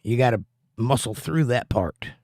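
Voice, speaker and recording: A man's voice: medium pitch, animated, normal speed, darkish tone, no room sound, clean studio sound. A middle-aged American man with a plainspoken, earnest manner, chatting with his stream audience and teaching about the Bible. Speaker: livestream host and Bible teacher. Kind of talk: casual chat and Bible teaching.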